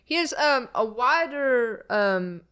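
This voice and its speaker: A woman's voice: on the high side, expressive, slow pace, a bit bright, clean tone. A woman in casual chat describing a man's face in detail, hesitant and stopping often to find words.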